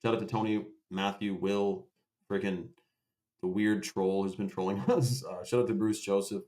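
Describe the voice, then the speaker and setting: A man's voice: on the low side, flat delivery, normal speed, mellow. A man hosting a casual livestream. He answers viewers by name, swears freely and keeps a loose, chatty tone. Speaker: livestream host.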